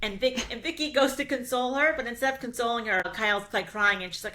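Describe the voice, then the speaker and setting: A woman talks fast in a bright, sharp voice, gushing eagerly about who she loves. She is a podcast co-host in casual gossip chat and keeps things moving. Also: on the high side, steady tone. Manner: eager, gushing, runs the segments.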